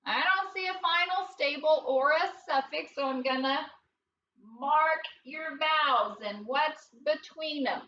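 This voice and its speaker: Bright high-voiced phonics teacher, slow. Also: female voice, recorded from a distance. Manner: patient, sing-song teacher voice, asks questions and answers them. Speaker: first grade phonics teacher. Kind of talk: classroom phonics lesson. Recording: dull roomy sound from away from the mic with faint noise.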